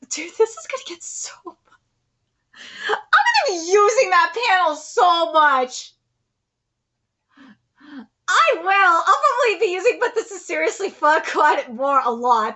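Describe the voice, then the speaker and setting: Excitable young woman reacting, swearing. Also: very high-pitched. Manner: excitable, swears a lot, laughs loudly. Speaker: live reaction streamer. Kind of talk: live manga reaction.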